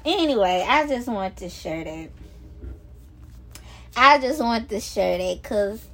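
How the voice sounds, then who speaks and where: A woman vlogging into her phone, talking excitedly about her faith, gushing in drawn-out exclamations and half-singing her praise. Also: medium pitch, slight background noise. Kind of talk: excited casual vlog talk about faith.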